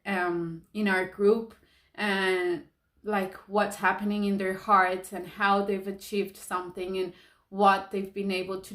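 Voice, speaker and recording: Slow, soothing woman in an echoey room. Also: mid-range voice. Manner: slow, calm and soothing, with soft laughs. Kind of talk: guided reflection talk.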